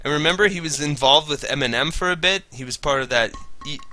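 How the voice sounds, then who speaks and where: A man's voice: on the high side, fast talker, pushed and bright, soft background music. A slightly tipsy man chatting casually while streaming a game, rambling, swearing and laughing. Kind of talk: casual chat while gaming.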